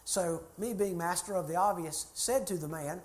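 A man's voice: sits high, moderate pace. Folksy man telling a story. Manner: folksy, chatty anecdotes with laughter. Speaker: church consultant. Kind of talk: storytelling talk to a group.

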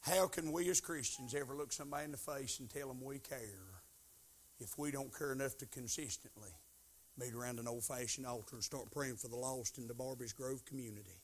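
A man preaching a sermon in church, pleading and swinging from shouted questions to hushed tones. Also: medium pitch, fairly quick, slight background noise. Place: church sanctuary.

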